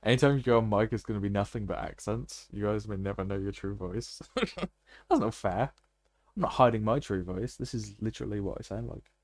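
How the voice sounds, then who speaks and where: A man's voice: on the low side, fairly even intonation, fast, few pauses, darkish tone, dry recording, soft background music. A man streaming a game, joking and laughing often in casual commentary. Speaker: gaming streamer. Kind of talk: live gameplay commentary.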